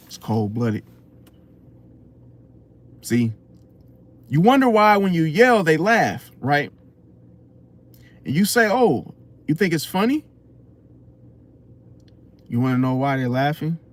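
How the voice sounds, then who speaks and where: A man hosting an astrology channel, giving an unscripted motivational talk full of rhetorical questions and repeated "see?". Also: mid-range voice. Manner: preachy, rhetorical questions, keeps saying "see?".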